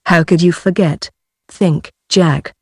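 A woman's voice: fairly low pitch, steady tone, slow pace, husky, dry recording, studio quality, exaggerated voice. A woman reading the lines of a girl in a textbook dialogue, in a plain reading voice. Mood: surprised.

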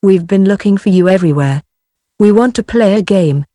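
A woman's voice: medium pitch, normal speed, mellow, dry recording, studio quality, close to an everyday voice. A woman reading the lines of a girl at a party in a textbook dialogue, in a plain reading voice. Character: girl at a party looking for a friend.

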